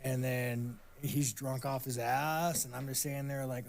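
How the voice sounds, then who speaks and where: A man's voice: mid-range voice, level tone, a little slow, vocal fry, hardly any pauses, slight background noise. Profane rambling man telling stories. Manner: heavy swearing, rambling with many restarts. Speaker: interview guest. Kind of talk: casual storytelling.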